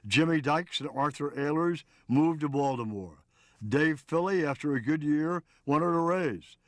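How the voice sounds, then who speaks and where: A man giving scripted documentary narration in a measured, storytelling way. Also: fairly high pitch, dry recording.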